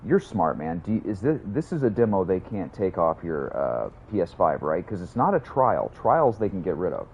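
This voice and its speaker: A man's voice: deep voice, sing-song, normal speed, few pauses, a little mellow, muffled recording, slight background noise. A young man chatting casually while livestreaming a game, rambling, swearing and answering his chat. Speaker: streamer.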